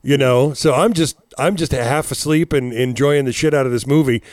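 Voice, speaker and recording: A man's voice: mid-range voice, normal speed, a little mellow, no room sound. A man in his forties, co-hosting a podcast in casual chat, rambling and cursing as he tells stories with laughs. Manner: rambling, profane, laughing storyteller. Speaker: podcast co-host.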